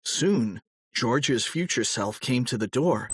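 A man's voice: mid-range voice, expressive, slow, husky, no echo. A man narrating a children's audiobook with playful storytelling.

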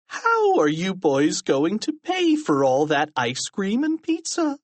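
Brief: man playing a cranky school principal, shrill drawn-out yells. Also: wildly swooping pitch, dry recording, heavily acted. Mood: suspicious. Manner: slow drawn-out shrill shouting. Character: grumpy shrieking middle-aged male principal.

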